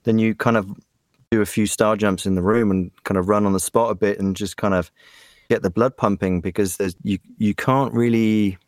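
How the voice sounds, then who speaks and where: A man from the West Country of England, a voice actor chatting as a podcast guest in a playful, animated way. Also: fairly low pitch, moderate pace, no echo, clean studio sound. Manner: animated, playful, slips into accents. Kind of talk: casual interview chat.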